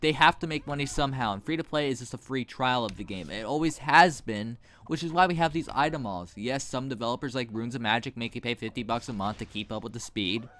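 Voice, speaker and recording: A man's voice: medium pitch, fairly quick, few pauses, fairly bright tone. A man giving blunt, rambling, sarcastic commentary while playing a game at his computer mic. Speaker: gaming video host. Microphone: desk mic while gaming.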